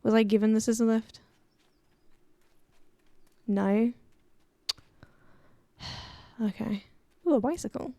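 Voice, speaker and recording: Giggly, gravelly woman streamer. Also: fairly high pitch, fairly even intonation, slow, long pauses, dark tone, no echo. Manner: chatty, giggly, reads chat aloud. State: voice a bit worn. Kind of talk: casual gameplay stream chat.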